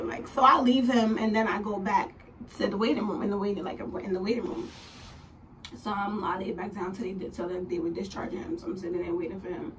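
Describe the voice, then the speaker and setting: A young woman vlogging, telling a story in a chatty, animated way, dropping to whispers and rising to laughing squeals as she acts out what people said. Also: mid-range voice, a little fast. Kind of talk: casual storytelling. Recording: a little distant from the mic, faint room noise.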